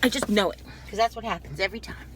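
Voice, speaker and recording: She talks fast in a medium-pitched voice against background noise. As a YouTube haul vlogger, she's chatty and digressive, rambling casually and repeatedly interrupting and restarting her own sentences.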